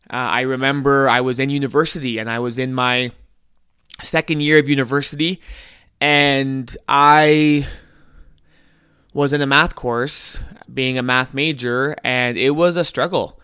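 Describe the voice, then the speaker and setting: A man's voice: mid-range voice, fairly even intonation, moderate pace, fairly bright tone, clear, resonant tone, no room sound, clean studio sound. A young man hosting a podcast, telling a personal story in an earnest, reflective way with small restarts. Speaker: podcast host.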